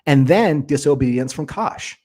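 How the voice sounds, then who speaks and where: Animated male podcast co-host. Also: fairly high pitch, normal speed. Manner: enthusiastic, rambling with restarts. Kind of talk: casual fan discussion.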